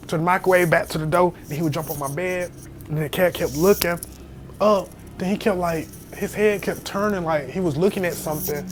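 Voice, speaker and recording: Animated young man telling a scary story. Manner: animated, jumps to high squeals when quoting himself. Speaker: storyteller vlogger. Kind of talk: casual spoken storytime. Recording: faint background noise.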